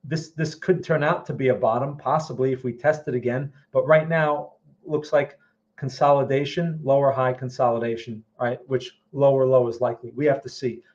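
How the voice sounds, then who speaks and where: A man hosts a casual trading livestream, answering viewer questions while looking at charts and frequently checking in with "all right" and "okay." His mid-range voice is steady and a little mellow at normal speed, with the highs cut off.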